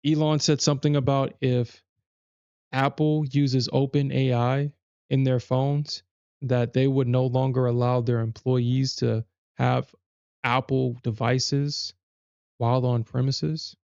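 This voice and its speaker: A man's voice: mid-range voice, level tone, slow pace, gravelly, darkish tone, smooth, dry recording, muffled recording. A man hosting a trading livestream, chatting casually in a rambling way with many restarts and self-corrections. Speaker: livestream trader host.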